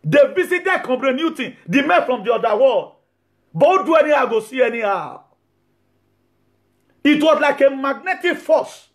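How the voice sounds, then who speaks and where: A man delivers a sermon in a high, bright-sounding voice. He talks animatedly and often slips into laughter between his points. He then turns to loud, scolding rebukes. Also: moderate pace, long pauses. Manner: animated, swings from laughing asides to shouted rebukes. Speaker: preacher.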